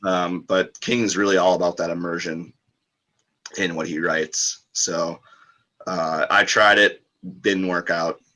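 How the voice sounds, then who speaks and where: A man with a very low voice that still carries a bright, forward edge. He talks loosely and casually as a podcast guest, circling back with fillers and restarts as he thinks aloud. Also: flat delivery, slow pace. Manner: rambling, lots of fillers and restarts.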